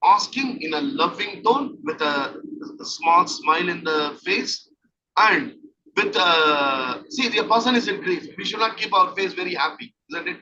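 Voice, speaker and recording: A man's voice: high-pitched, animated, unhurried, bright, forceful tone. A man, giving a training lecture as a counselling trainer and repeating his key points as he explains. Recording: distant dull lo-fi mic with faint noise.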